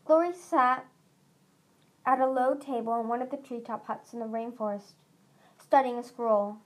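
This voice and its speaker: A woman's voice: on the high side, normal speed. A woman narrating a storybook aloud, reading steadily with small slips and restarts. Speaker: audiobook reader.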